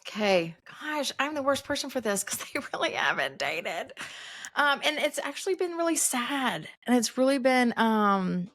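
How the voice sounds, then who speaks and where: A woman's voice: high-pitched, very animated, normal speed, a bit bright, no room sound. A woman in her forties, a podcast guest in casual chat, talking chattily and often quoting herself with a laugh.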